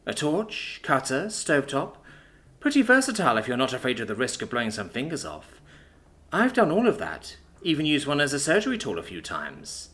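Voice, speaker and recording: A man's voice: mid-range voice, wildly swooping pitch, fairly quick, sharp tone, voice pushed up. A man voicing a seasoned female soldier, matter-of-fact and wry, sometimes stern. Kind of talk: audiobook character voice.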